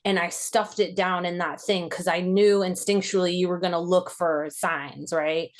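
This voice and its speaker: A woman hosting a podcast interview, recalling a personal memory in a reflective, halting way with many fillers, her voice rising as she relives tense moments. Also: on the low side, steady tone. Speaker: podcast host.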